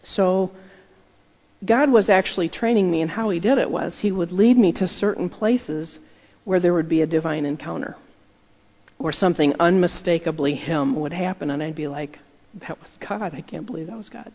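A woman's voice: lowish voice, normal speed, darkish tone. A woman telling a personal testimony as a storytelling sermon, talking conversationally and acting out her own thoughts. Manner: conversational, acts out her own inner dialogue. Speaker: speaker giving a testimony. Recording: dull recording with long hall reverb.

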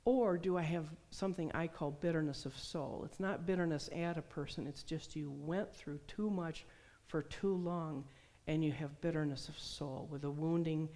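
A woman's voice: sits low, fairly even intonation, normal speed, mellow. A middle-aged woman preaching a sermon, telling stories and acting out the voices she quotes. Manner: storytelling, acts out quoted voices. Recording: long hall reverb.

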